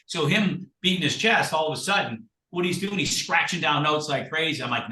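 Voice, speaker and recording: A man guest in casual chat, telling stories in an animated, blunt and salty way. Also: on the high side, fast talker, hardly any pauses. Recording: roomy sound from far off the mic.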